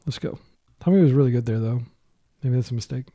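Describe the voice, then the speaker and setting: A man commentating his own online card game, thinking out loud in a soft, light voice that is worn from a long day of talking. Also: medium pitch, fast talker. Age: adult, a parent.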